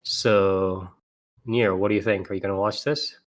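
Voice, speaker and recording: A man's voice: on the low side, fairly even intonation, moderate pace. Laughing, loose male podcast host. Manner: laughs often, swears casually, stumbles over names. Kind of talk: casual podcast chat reading anime previews.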